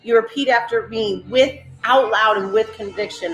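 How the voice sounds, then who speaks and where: A woman's voice: a little high, normal speed, few pauses, reverberant, faint music behind. A woman leading a live-streamed guided breathing and affirmation session, coaxing listeners through repeated instructions and reading out viewers' names. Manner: repetitive, coaxing instructions, calls listeners "baby"; reads out viewers' chat names.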